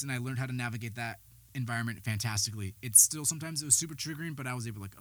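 A man's voice: medium pitch, racing, a bit bright, no room sound. A man hosting a podcast, telling his personal story in a candid, rambling way, swearing freely and sounding slightly out of breath. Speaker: podcast host; behavioral health worker.

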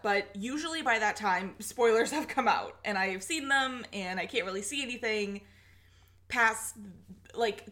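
Giggly young woman, bright voice. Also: fairly high pitch. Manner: giggly, swears often, gushing. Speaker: podcast co-host. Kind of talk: casual chat. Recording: cheap echoey microphone.

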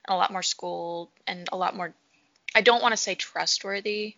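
Woman, casual chat, bright tense tone with gravelly fry, thoughtful. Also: mid-range voice, normal speed, no echo, muffled recording.

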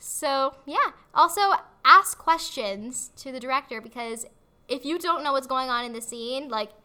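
A woman with a high, bright voice co-hosts a casual chat. She talks hesitantly and fills her sentences with "like" and "um". Her tone stays light as she shares her tips. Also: animated, measured pace. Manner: hesitant, many fillers. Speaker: podcast co-host.

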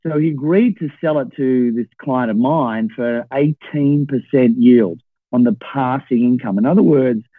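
Man, 60s, podcast guest, animated storyteller, dry tinny phone-line sound. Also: medium pitch, unhurried, dry recording. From Australia. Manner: animated, checks in with "right?". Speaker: podcast guest, property investor. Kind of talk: storytelling in a conversation.

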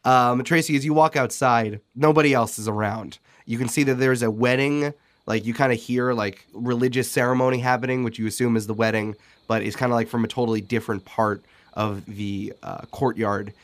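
A man's voice: medium pitch, fairly quick. Laid-back male game master. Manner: relaxed, hesitant, many fillers. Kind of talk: narrating a tabletop game.

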